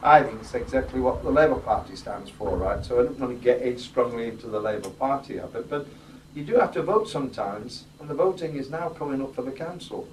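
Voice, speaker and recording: A man addresses residents in a community venue. His speech is informal, teasing and blunt, and he keeps pulling the crowd into it. The sound comes from a distant microphone in an echoey room with a steady wash of background noise. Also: medium pitch, brisk. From Yorkshire, England. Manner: jokey, rousing, blunt, works the crowd with questions. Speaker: politician addressing local residents. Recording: roomy, distant, noisy ambience.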